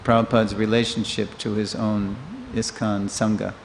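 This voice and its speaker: A man in his sixties giving a storytelling scripture class in a temple, a lively teller who acts out the people he quotes. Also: fairly low pitch, moderate pace, vocal fry. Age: 60s. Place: temple hall. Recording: long reverb of a hall, faint noise.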